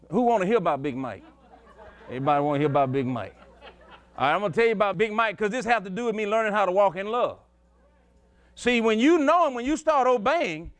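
A man's voice: high-pitched, fairly bright tone, no echo. A male preacher telling a folksy story in a sermon, chuckling and emphatic as he goes.

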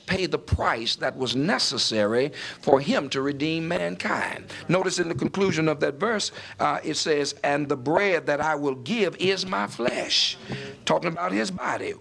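Male preacher, emphatic sermon delivery, gravelly and a touch high-pitched. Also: animated, unhurried, a bit bright. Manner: emphatic, building to raised pitch on key points.

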